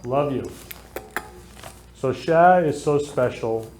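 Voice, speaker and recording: A man's voice: mid-range voice, takes it slowly, darkish tone. A man hosting a casual talk show, gushing and sentimental, showering guests and viewers with affection. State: emotional, near tears. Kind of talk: casual live show chat.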